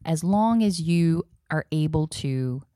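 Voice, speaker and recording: A woman from South Texas, an acting professor and actress, telling stories in a relaxed interview and slipping in Spanish phrases. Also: deep voice, takes it slowly, no echo, studio quality. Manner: animated storyteller who drops into Spanish phrases. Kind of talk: casual conversational interview.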